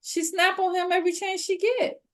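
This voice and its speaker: A woman co-hosting a casual chat podcast, recapping a reality show in a slangy, animated way with voiced quotes. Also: very high-pitched, normal speed. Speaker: podcast co-host.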